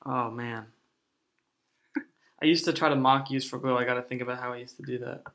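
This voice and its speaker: An easygoing, self-deprecating man chatting casually on a podcast. His voice is bright and sits at a middling pitch. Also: steady tone, fairly quick. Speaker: podcast co-host.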